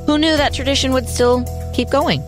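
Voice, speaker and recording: A woman's voice: high voice, moderate pace, over music. A middle-aged woman co-hosting a casual chat show, playfully running a quiz and telling stories. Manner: playful quiz-master, lively and chatty. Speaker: co-host.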